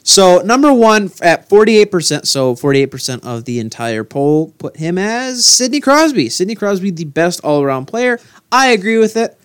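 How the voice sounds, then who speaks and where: A man co-hosting a casual sports podcast, rambling and repeating himself when excited. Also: sits high, normal speed, clean tone, dry recording, studio quality. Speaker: podcast co-host.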